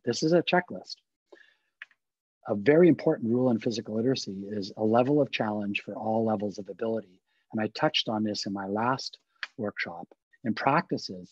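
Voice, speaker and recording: Husky man lecturing coaches in a webinar. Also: on the low side, a little mellow, no room sound, lo-fi sound. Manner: explanatory, emphatic repetition. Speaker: guest expert speaker. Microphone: video call.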